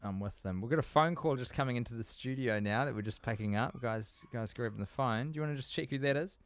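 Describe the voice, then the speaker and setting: A man's voice: mid-range voice, quick pace, dry recording. Aussie guy cohosting a podcast, playful and mock-serious, dry close mic. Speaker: podcast co-host. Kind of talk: casual podcast banter.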